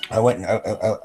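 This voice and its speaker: Guy with a low lively voice telling a long story on a podcast, does everybody's voices. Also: slightly rough. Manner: rambling, acts out quoted voices. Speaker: podcast co-host. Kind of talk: casual storytelling chat.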